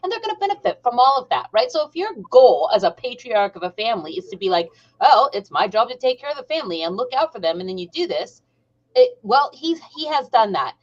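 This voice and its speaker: A woman talks through her argument in a casual chat, often checking in with "right?". Her voice is fairly high and swings widely in pitch. The audio sounds dull and lo-fi. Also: fast. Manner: lively, tags points with "right?".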